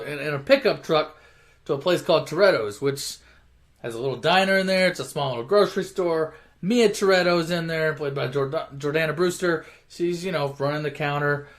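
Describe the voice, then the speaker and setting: A man's voice: a little high, moderate pace. Rambling, profane male storyteller. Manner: rambling, profane, full of fillers. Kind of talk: casual movie retelling.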